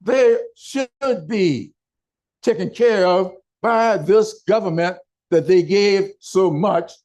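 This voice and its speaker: Older man, slow measured speech, fairly high voice, town hall address. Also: darkish tone. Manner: slow, deliberate oratory with emphatic pauses. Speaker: political speaker.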